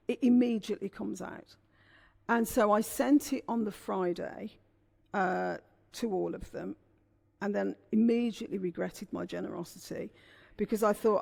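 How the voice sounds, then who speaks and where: Author guest, middle-aged woman from England, raspy and gravelly, candid anecdotal delivery. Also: medium pitch, unhurried. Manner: candid storyteller, animated. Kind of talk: conversational interview.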